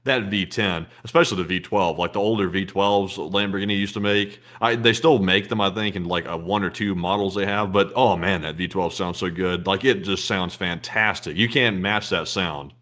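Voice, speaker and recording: A man with a lowish voice cohosts a relaxed chat. He delivers his jokes deadpan and keeps his tone steady and unhurried. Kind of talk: casual chat.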